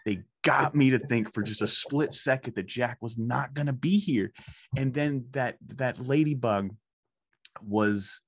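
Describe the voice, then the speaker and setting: A man in his thirties, a guest gushing about a cartoon in casual chat, excitable and close to tears, swearing freely. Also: medium pitch, unhurried, breathy edge, no room sound. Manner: emotional, swearing, excitable storytelling. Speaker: guest, fan of the show.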